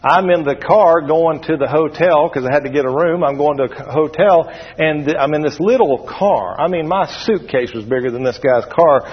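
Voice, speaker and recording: A man's voice: fairly high pitch, normal speed, few pauses, slightly rough. A man preaching a sermon to a congregation, emphatic and repetitive, calling for their responses. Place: church before a congregation. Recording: dull lo-fi sound with long hall reverb.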